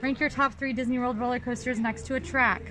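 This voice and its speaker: A woman's voice: on the high side, fairly even intonation, fast, pushed and bright, slight background noise, rough recording. A woman hosting a vlog race, cheerful and full of competitive trash talk. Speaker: show host and race competitor. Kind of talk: upbeat vlog chat.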